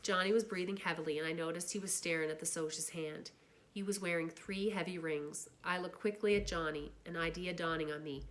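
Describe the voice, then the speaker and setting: A woman reading a novel aloud in a steady, plain way. Her voice sits low for a woman. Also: a little fast. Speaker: reader.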